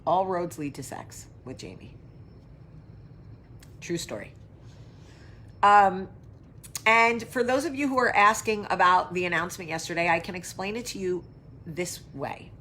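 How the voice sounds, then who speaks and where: A woman's voice: lowish voice, expressive, measured pace, long pauses, pushed and bright. A woman hosting her own casual talk show, chatting loosely to viewers, wandering between tangents, swearing freely and answering viewer comments as she goes. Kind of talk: casual live chat to viewers.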